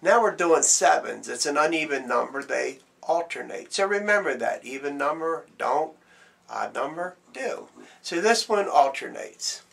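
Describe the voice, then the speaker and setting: A man's voice: on the high side, lively intonation, measured pace, creaky. A man teaching drum strokes, explaining plainly and counting beats aloud as he demonstrates. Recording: loud background noise.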